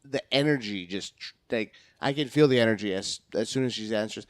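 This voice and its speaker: A man's voice: medium pitch, animated, fast talker, few pauses, no echo, studio quality. Hyperactive swearing man telling stories. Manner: hyperactive, swearing, acts out phone calls in voices. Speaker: podcast guest, comedian. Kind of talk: casual podcast chat.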